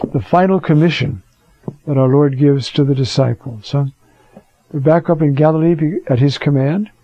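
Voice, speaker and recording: A man's voice: fairly high pitch, vocal fry, warm tone, no echo, highs cut off. A man teaching a Bible class in a chatty way, asking rhetorical questions and dropping in fillers. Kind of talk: conversational scripture class.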